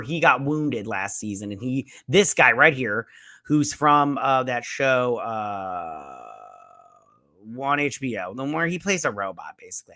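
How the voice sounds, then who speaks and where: Bright-voiced man rambling through a recap. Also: medium pitch. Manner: loose and profane, lots of fillers and restarts. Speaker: show host reviewing a TV episode. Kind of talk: casual rambling recap commentary.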